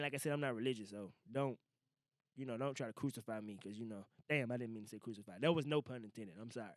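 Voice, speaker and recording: A man's voice: mid-range voice, no echo. Man, young adult, podcast host, casual rambling monologue, slang and swearing, dry studio sound. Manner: loose, profane slang, animated asides. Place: small recording room. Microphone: studio mic.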